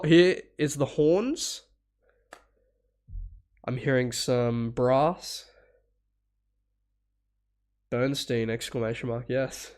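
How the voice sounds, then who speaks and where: A man streaming a live reaction while he is getting over a cold, so his voice comes out stuffy and sniffly. He talks in a loose, rambling way, with laughs, a casual swear or two, and short bits of humming. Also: medium pitch. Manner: hums parts aloud.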